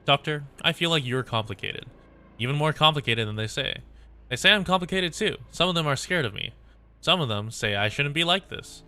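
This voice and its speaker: Quiet young girl fighter, as a man puts her on. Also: a little high, expressive, fairly quick, voice pushed up. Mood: earnest.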